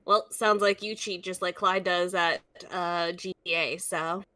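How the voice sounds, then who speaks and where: A woman player in a tabletop game, trading quick, laughing comebacks. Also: lowish voice, fairly even intonation, bright, forceful tone. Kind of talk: tabletop role-play banter.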